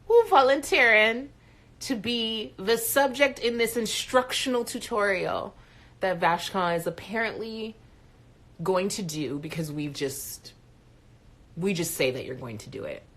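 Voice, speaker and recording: A woman hosting a live chat show, talking in an animated, frank way and swearing casually. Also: fairly high pitch, a little slow. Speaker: host.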